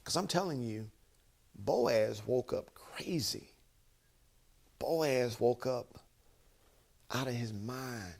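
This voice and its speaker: A man's voice: medium pitch, slow pace, creaky, pauses often, a little mellow. A man giving an emphatic motivational talk, counting off his points one by one. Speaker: motivational speaker.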